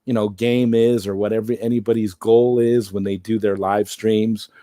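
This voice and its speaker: A man's voice: fairly low pitch, level tone, moderate pace, mellow, no room sound, clean studio sound. A man hosting a casual late-night live-stream Q&A, rambling and circling back to repeat his points.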